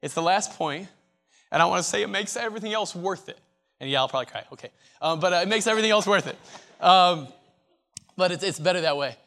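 High-voiced man preaching a fervent sermon. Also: quick pace, sharp tone, soft background music. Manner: emphatic and repetitive, with many restarts.

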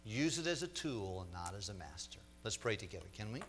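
A man's voice: fairly low pitch, very animated, a bit bright, slight background noise. Emphatic middle-aged preacher man. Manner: emphatic, repeats words, slows for stress. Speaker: pastor. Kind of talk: sermon.

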